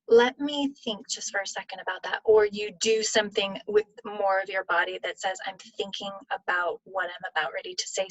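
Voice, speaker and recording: Husky-voiced woman hosting a webinar. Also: medium pitch, a bit bright, no echo, low-quality recording. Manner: conversational, explaining with acted-out examples. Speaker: webinar presenter on leadership. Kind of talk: live webinar Q&A. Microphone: computer mic on video call.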